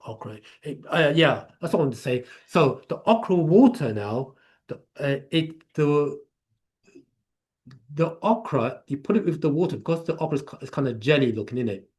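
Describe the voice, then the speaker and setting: A man's voice: fairly high pitch, animated, normal speed, darkish tone. A man with an English accent hosting a live Q&A, explaining in a casual, rambling way with many restarts. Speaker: host of a live Q&A.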